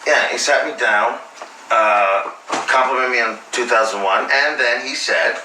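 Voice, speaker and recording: An actor playing a hesitant man who tells a story haltingly with many pauses and restarts. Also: mid-range voice, bright, forceful tone, recorded from a distance, a little hiss or hum. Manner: halting, full of fillers and restarts. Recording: roomy and off-mic.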